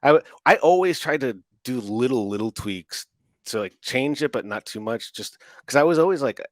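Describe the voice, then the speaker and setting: A man co-hosting a casual podcast, relaxed and rambling, restarting his sentences often. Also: mid-range voice, moderate pace, no echo. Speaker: podcast co-host and audio editor.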